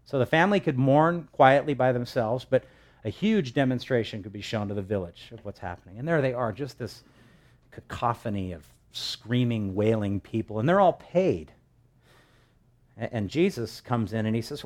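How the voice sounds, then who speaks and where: A man's voice: mid-range voice, animated, normal speed. Emphatic male pastor preaching. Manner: emphatic, rising to loud stresses. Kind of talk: sermon.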